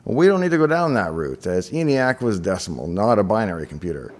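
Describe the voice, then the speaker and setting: Lively low-voiced man narrating an explainer. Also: fast. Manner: enthusiastic storytelling, conversational asides. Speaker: host.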